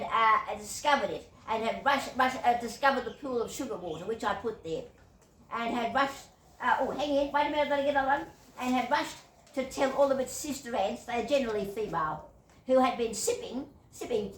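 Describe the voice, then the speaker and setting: A woman's voice: fairly high pitch, fairly bright tone. An older Australian woman rambling through whimsical anecdotes with chuckles and digressions. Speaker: YouTuber. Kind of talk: rambling storytelling monologue. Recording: echoey room, distant mic, faint hiss.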